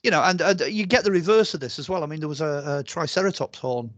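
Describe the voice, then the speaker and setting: A man from the UK, an archaeologist and author telling stories as a guest in a casual interview, chatty and animated, rambling with many fillers and restarts. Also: a little high, fast talker, no room sound.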